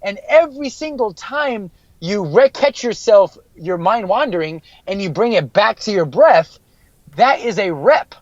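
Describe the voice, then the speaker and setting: A man's voice: high voice, lively intonation, a little slow, no room sound, dull audio. A man working as a mental skills coach, giving an earnest podcast interview and repeating key phrases for emphasis.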